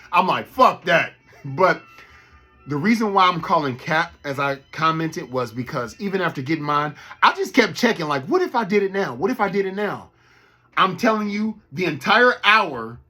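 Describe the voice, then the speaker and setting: Husky, bright-voiced ranting man. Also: fairly high pitch. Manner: animated, profane, rambling. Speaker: toy collector vlogger. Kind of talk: casual rant to camera.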